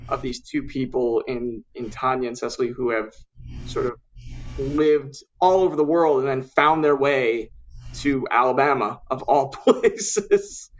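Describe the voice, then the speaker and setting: A man's voice: medium pitch, a little slow. Male writer hosting a podcast interview, thoughtful hedging questions, muffled lo-fi sound.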